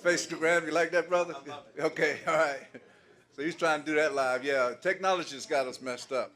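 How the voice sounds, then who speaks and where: A man's voice: a little high, fairly even intonation, moderate pace, fairly bright tone. An older man doing stand-up comedy, telling folksy stories in a loose way and laughing at his own jokes.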